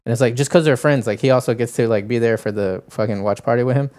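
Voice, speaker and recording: Male co-host, casual rambler, mid-pitch, loose and chatty. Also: fast, darkish tone. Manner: rambling, heavy on filler words and impressions. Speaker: podcast co-host. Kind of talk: casual chat.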